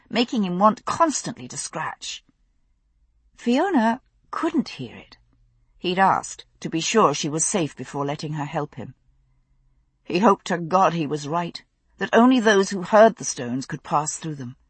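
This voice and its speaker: A woman narrating a novel as an audiobook in a measured, expressive storytelling manner with a husky voice. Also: on the low side, no room sound.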